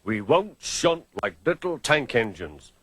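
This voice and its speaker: A man's voice: medium pitch, very animated, fairly bright tone, slightly rough, full character voice. A man voicing a proud, sulky male steam engine in a storybook reading. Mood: haughty. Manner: haughty, slow.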